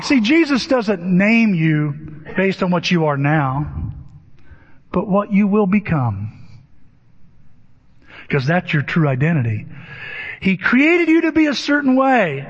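A male pastor preaches in a conversational way, often turning to ask the audience questions. His voice sits high and a bit husky. It rings through a large hall, and the sound is dull. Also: sing-song, slow, long pauses. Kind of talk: sermon.

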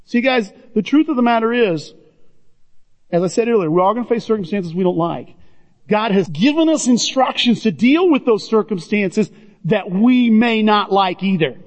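A man's voice: sits high, animated, normal speed. A man preaching a sermon as pastor, talking earnestly and straight to the congregation. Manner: earnest, addresses listeners as "guys". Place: church sanctuary. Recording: dull, reverberant hall sound.

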